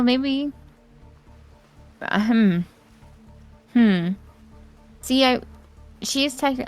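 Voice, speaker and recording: A woman's voice: on the low side, creaky. A woman streamer chatting casually over a game, giggly and rambling.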